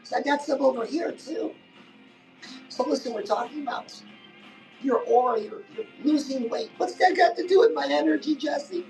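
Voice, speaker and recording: A woman's voice: high voice, normal speed, a little mellow, recorded from a distance, soft background music, low-quality recording. A woman giving a chatty live-stream pep talk as a life coach, keeps calling the listener "girl" and saying "listen".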